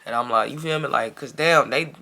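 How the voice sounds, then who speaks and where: Bright, animated man telling a story. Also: fairly quick, creaky. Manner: animated, profane, keeps addressing the audience as y'all; gets louder and higher when irritated. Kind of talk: casual storytime monologue.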